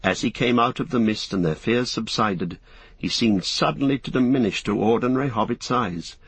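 A man narrating a fantasy novel as a scripted audiobook, in a measured, even storytelling manner. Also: mid-range voice, slightly rough, no room sound.

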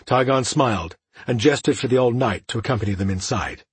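A man reading fantasy narration for an audiobook, in an even, steady way. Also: medium pitch, fairly quick, husky, no echo.

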